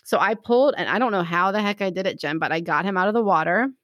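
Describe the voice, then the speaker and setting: A woman tells a story in relaxed conversation, lively and animated as she acts out what she and others said. Her voice sits at a middle pitch. The sound is dry and close, with no room echo. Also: quick pace. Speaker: storyteller in a chat. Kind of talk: casual chat.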